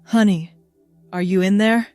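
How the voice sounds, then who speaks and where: A woman doing a gentle, tender mother. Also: medium pitch, fairly even intonation, a little slow, dry recording, soft background music, natural voice. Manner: soft, tender and soothing. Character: gentle loving middle-aged mother.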